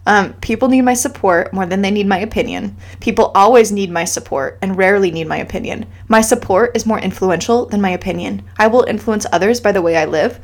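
A woman co-hosting a podcast, chatty and reflective, thinking out loud with lots of fillers. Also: mid-range voice, fairly quick, hardly any pauses. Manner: chatty, reflective, talks through her thoughts with fillers. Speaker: podcast co-host. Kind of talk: casual chat.

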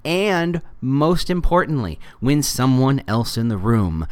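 This middle-aged podcast host runs a relaxed solo show in a mid-range, clean-toned voice. He's lively, cracks jokes on the side, and briefly puts on voices whenever he quotes someone.

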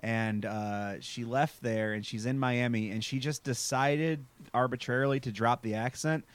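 Speaking at a normal speed in a smooth, steady, mid-range voice, this podcast host recaps a TV show. He rambles, jokes around, swears, and leans heavily on filler words.

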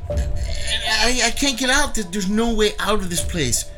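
A man plays a terrified cable repairman, his voice pushed high and loud with panic. He curses and begs in a tabletop horror game, with faint music underneath. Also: a little slow. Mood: panicked. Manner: frantic, cursing, breathless panic. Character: panicked young male cable repairman, frantic.

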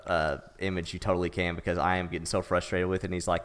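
A man's voice: deep voice, fairly even intonation, quick pace, hardly any pauses, fairly bright tone. A man co-hosting a gaming podcast, talking casually and rambling with enthusiasm. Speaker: podcast co-host. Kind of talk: casual chat.

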